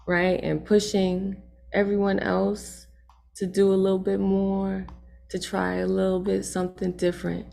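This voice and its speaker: A woman with a low, gravelly voice hosts an open mic over a video call. She talks in punchy, streetwise banter and keeps checking in with "right?" and "all right?". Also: level tone, takes it slowly, darkish tone. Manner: emphatic, streetwise banter with frequent tag questions.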